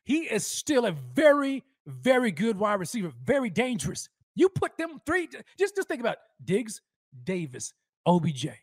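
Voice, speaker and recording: A man's voice: very high voice, huge pitch swings, normal speed, dry recording, clean studio sound. A man hosting a live sports fan show, hyped and rambling, with slangy street talk and lots of repeats.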